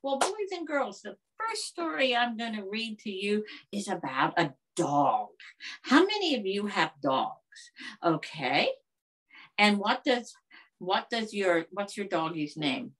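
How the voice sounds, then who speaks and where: A woman's voice: mid-range voice, very animated, slow pace, fairly bright tone. A woman leading a children's library storytime, reading a picture book aloud in a coaxing sing-song way and asking the kids questions.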